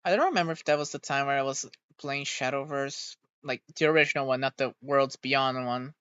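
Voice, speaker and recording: A VTuber streamer chatting casually in a rambling way, swearing freely and getting irritated quickly. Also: medium pitch, fairly bright tone, clean tone, no room sound. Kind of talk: casual stream reaction chat. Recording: dull, dry home recording.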